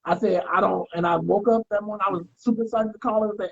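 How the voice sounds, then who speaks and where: Husky slang-heavy podcast storyteller. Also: male voice, high voice, fast talker, hardly any pauses. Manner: animated storyteller, acts out quotes, slangy. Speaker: podcast co-host. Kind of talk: casual storytelling chat. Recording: dull lo-fi podcast audio.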